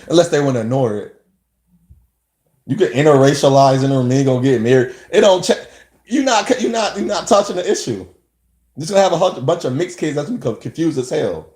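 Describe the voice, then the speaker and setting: A man's voice: medium pitch, mellow. Impassioned man ranting in an echoey room. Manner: impassioned, rambling, with rhetorical questions. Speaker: vlogger. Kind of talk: unscripted monologue to camera.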